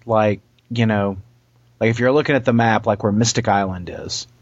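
A man telling an anecdote and chatting with friends, animated and halting, with many restarts, over dry, slightly dull audio. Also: fairly low pitch, no room sound. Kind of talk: casual storytelling and chat.

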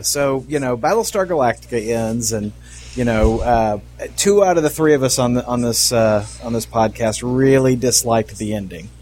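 A man hosting a podcast, chatting casually and laughing easily. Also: medium pitch. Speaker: podcast host. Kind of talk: casual chat.

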